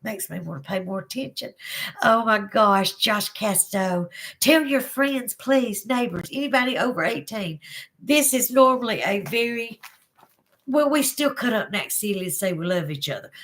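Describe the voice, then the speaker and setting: A woman's voice: medium pitch, fairly bright tone. A woman with a Southern US accent hosting a casual livestream, chatting with viewers and reading their comments aloud, drawling and giggly. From Southern United States. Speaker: livestream host.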